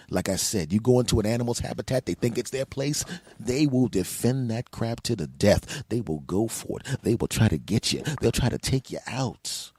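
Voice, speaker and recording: A man hosting a podcast, telling comic stories in an animated way, acting out voices and swearing often. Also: medium pitch, moderate pace, slightly rough, dry recording. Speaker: podcast host. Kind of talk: comedic storytelling monologue.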